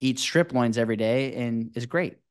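A man's voice: medium pitch, moderate pace. A man, a former health teacher, chatting in a podcast and telling stories loosely with lots of "you know" and "like". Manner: relaxed storytelling, many fillers like "you know" and "like". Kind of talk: casual podcast conversation.

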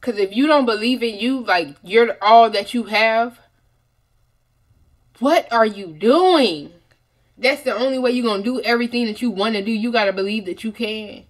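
A young woman hosting a music reaction video, talking casually in a rambling, animated way with lots of "like" and restarts. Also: fairly high pitch, fairly quick, few pauses.

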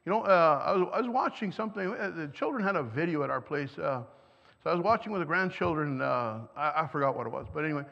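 Speaking quickly with lively intonation, this older man has a fairly high, creaky and slightly bright voice. A native German speaker, he is preaching a sermon to parents in a church hall through a microphone, quizzing the audience and chuckling between points. The audio sounds dull and lo-fi, with echo from the hall.

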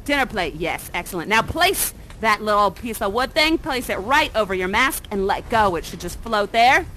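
A woman's voice: mid-range voice, expressive, normal speed, fairly bright tone, a little hiss or hum, rough recording. A woman actor guiding an audience through an interactive performance, talking in a playful, silly and theatrically dramatic way into a headset mic.

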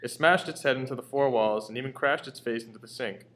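A man reading a comic story aloud in an animated way. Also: mid-range voice, fast. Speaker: story reader.

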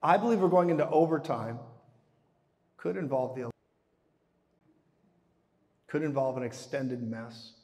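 A male preacher delivering a live sermon with a mid-range voice, telling the story with animation. He drops to hushed tones, then booms. His voice rings with long reverb through a large hall. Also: a little slow, pauses often.

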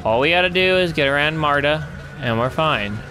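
Excitable, cursing young male gamer. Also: fairly high pitch, moderate pace, a little hiss or hum. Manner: excitable, swears a lot, yells in panic. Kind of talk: let's play commentary.

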